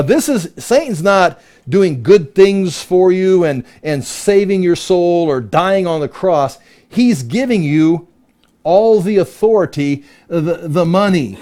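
A man's voice: on the high side, darkish tone. A man leading a verse-by-verse Bible study, explaining Greek words and stressing key phrases while he checks his notes. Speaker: Bible teacher.

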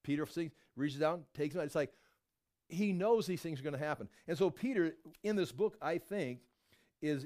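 A middle-aged man preaching a sermon, telling Bible stories with lively acted-out voices. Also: a little high. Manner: animated storytelling, acts out voices of biblical figures. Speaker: pastor.

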